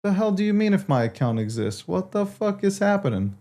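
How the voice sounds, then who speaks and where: A man's voice: high voice, sing-song, a little fast, dark tone. A man hosting a livestream, talking casually to his viewers and swearing in exasperation as he repeats himself. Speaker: livestream host.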